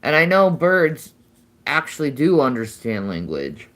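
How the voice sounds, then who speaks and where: A woman's voice: deep voice, sing-song, unhurried, a bit bright. A woman chatting casually with viewers on a live stream, answering comments and cooing to her pets now and then.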